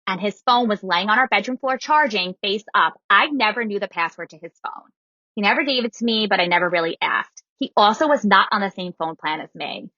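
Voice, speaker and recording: A woman's voice: mid-range voice, fairly quick, no room sound, highs cut off. A woman in her thirties telling a personal story on a podcast in casual chat, acting out what others said. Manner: animated, quotes people in her story. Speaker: guest storyteller.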